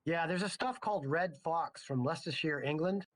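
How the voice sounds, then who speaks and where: A man's voice: on the high side, normal speed. A middle-aged man teaching a chemistry class in a casual, joking way, full of chatty asides. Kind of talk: casual lecture.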